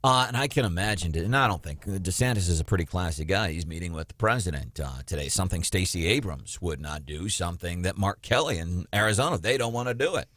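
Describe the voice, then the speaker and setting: Animated, mocking talk radio host. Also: male voice, low voice, quick pace, few pauses, no room sound, clean studio sound. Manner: animated, mocking, puts on quoted voices. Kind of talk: political talk radio chat.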